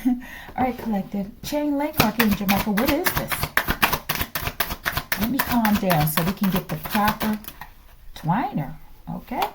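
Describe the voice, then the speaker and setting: A woman's voice: medium pitch, animated, measured pace, long pauses, very noisy. A woman giving a channeled tarot reading to her viewers, chatty, laughing often and dropping into whispers. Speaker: tarot reader.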